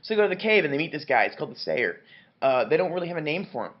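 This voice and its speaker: A man's voice: a little high, very animated, rapid-fire, dull audio. Tipsy man rambling through a book review. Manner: rambling, profane, many restarts and fillers. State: drunk on wine.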